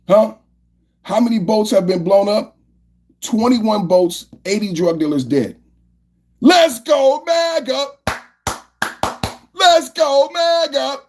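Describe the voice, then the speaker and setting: A man's voice: fairly high pitch, warm tone, husky. A male podcast host doing political commentary, firing off repeated rhetorical questions and often asking viewers to like the video. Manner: repetitive, fired-up rhetorical questions.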